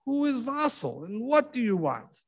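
A man's voice: extremely high pitch, very animated, moderate pace, pitched above the performer's own voice, full character voice. A man voicing a frightened, sick old widow who groans and complains plaintively.

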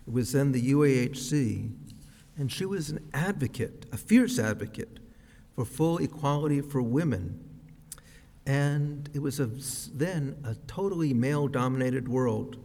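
Slow, measured male rabbi preaching. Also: medium pitch, creaky, darkish tone. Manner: slow, measured, reflective delivery. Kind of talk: sermon. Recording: long reverb of a large hall.

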